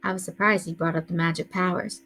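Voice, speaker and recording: A woman reading a novel aloud in a quiet, earnest first-person storytelling voice. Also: fairly low pitch, steady tone, fast talker. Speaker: audiobook reader.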